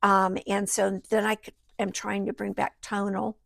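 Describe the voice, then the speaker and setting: A woman talks through her craft project at home, wandering from thought to thought and sometimes dropping to a near-whisper. Her voice has a gravelly, creaky edge, and the sound is close and dry with no room echo. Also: mid-range voice, flat delivery, moderate pace. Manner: rambling, thinks aloud, drifts into soft murmurs. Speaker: journal maker. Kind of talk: casual craft walkthrough. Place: home craft table beside a sewing machine.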